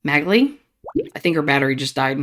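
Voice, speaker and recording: Woman gaming host, animated pitch, chatty reactions while reading a chat game aloud. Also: fairly quick.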